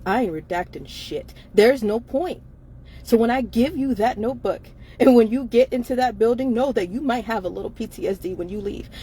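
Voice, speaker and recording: Mellow and husky at a medium pitch, this woman's voice belongs to a tired co-host of a live chat show. In the casual stream talk she laughs constantly, swears freely, and keeps stressing the same points over and over.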